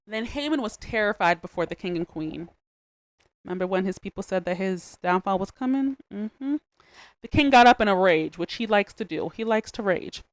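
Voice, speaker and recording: A young adult woman hosting a podcast, retelling a Bible story in a casual, animated, slangy way with joking asides. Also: mid-range voice, normal speed, no room sound. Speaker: podcast host.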